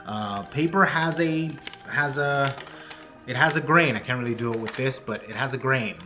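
A man's voice: medium pitch, moderate pace, over music. A man hosting his own craft channel, talking through folding steps in a casual, rambling way with self-mocking jokes. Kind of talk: casual tutorial talk.

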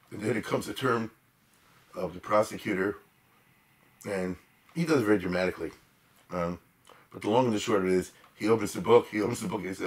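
A man giving an informal storytelling lecture, animated and emphatic, with chatty asides to the audience. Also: deep voice. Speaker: lecturer on history.

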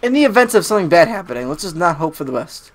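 A man with a sore throat, playing a video game with a friend and joking, yelling when startled. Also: fairly high pitch, sing-song, racing. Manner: joking, shouts in panic. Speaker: gamer. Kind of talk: casual gameplay chat.

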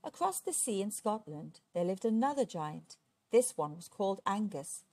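A woman reading a children's storybook aloud, expressive and steady. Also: mid-range voice, moderate pace, no echo. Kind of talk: children's book read aloud.

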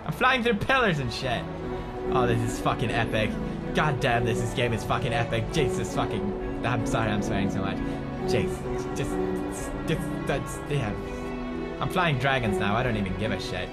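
A man commentating a game playthrough, excitable and swearing often as he talks to his companion. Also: mid-range voice, moderate pace. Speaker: gaming video host. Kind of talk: let's play commentary. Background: game music.

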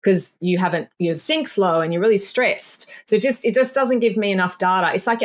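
A woman of middle pitch chats as a guest on a podcast. She is lively and laughs often. She slips into little acted voices when she quotes people. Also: moderate pace, few pauses. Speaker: naturopath guest. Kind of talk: casual podcast interview.

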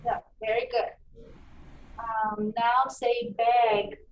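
Woman teacher, high voice, slow deliberate phonics drills, echoey room, distant mic. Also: flat delivery, dull audio, a little hiss or hum. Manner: encouraging, slow and clearly enunciated. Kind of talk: phonics lesson demonstration. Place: meeting room.

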